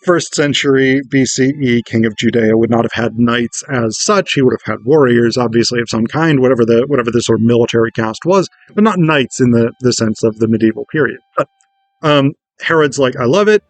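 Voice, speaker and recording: A man giving a casual, animated lecture on theatre, chatty and casually profane. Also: mid-range voice, brisk, dry recording. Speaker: theatre educator.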